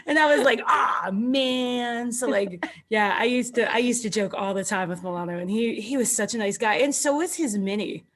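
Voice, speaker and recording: A woman in her thirties hosting a casual wrestling podcast chat, lively and acting out the people in her stories. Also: mid-range voice, brisk, few pauses. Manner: animated storyteller, acts out quotes. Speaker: podcast host.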